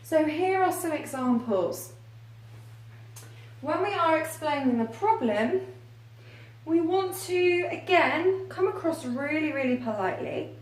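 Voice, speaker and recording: A woman with a high voice gives an English lesson, saying each example phrase slowly and clearly. She sounds a little distant from the microphone, in a room with a noticeable echo. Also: lively intonation. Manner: slow, careful modeling of example phrases. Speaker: English teacher. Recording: echoey room, voice a little far from the mic.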